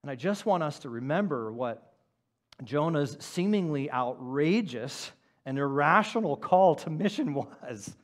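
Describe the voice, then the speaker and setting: A man preaching a sermon as pastor, moving from loud emphatic lines to quiet low asides and acting out quoted words. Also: animated, slow. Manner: acts out the prophet's quoted words.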